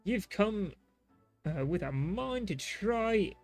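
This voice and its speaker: Guy putting on a rough old tavern keeper, slow and drawly, a bit high. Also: lively intonation, darkish tone, no echo, soft background music, exaggerated voice. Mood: gruff. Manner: stumbling over the lines, folksy. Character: gruff male tavern keeper, rough-spoken.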